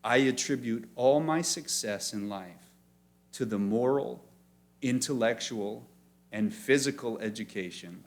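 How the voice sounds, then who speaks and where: A man speaking to a church audience as a pastor introducing a community presentation, friendly and joking, reading quotes slowly with emphasis. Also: medium pitch. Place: church meeting room.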